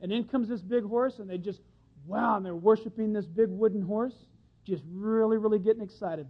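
A man preaching a sermon in a folksy, animated way, acting out little voices of the people in his stories. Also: high voice, normal speed. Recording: dull lo-fi sound.

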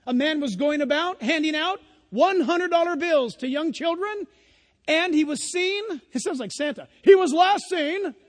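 A man's voice: extremely high pitch, in a large hall. A male pastor preaching a sermon in a church, telling stories and asking the congregation questions. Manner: conversational storytelling, rhetorical questions to the congregation.

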